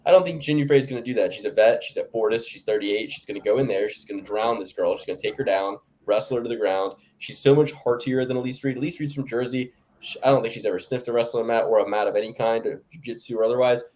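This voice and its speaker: A man talks fight picks on a casual podcast. He riffs quickly, with crude jokes and playful teasing. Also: mid-range voice, fairly even intonation, a little mellow, rough recording. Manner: joking, crude, fast riffing. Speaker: podcast co-host.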